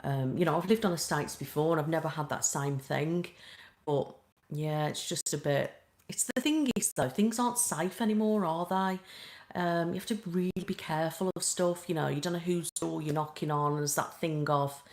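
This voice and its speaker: A woman's voice: sits low, normal speed, darkish tone. A woman with a British accent, an ASMR streamer chatting casually and ramblingly with live viewers, full of "like" and "um". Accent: British English. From Britain. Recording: roomy echo.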